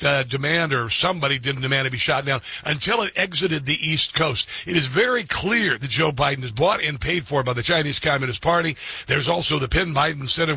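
A male talk radio host delivers a political monologue in a bright, slightly raspy voice, full of "uh"s and restarts. The sound is dry and dull, like lo-fi radio. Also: a little high, no room sound. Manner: rambling, many fillers and restarts. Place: Washington, D.C.

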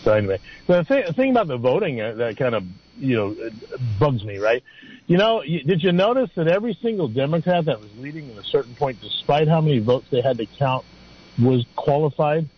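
A man calling in to a talk radio show, rambling and halting with many restarts. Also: medium pitch, sing-song, husky. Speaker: caller. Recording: dull lo-fi phone-in radio sound.

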